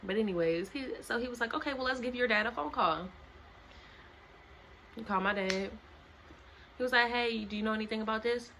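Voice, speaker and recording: A young woman vlogger telling a story to camera in a casual, animated way, acting out what other people said. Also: mid-range voice, slight background noise. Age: young adult. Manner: animated, dramatic retelling that acts out other people's lines. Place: home.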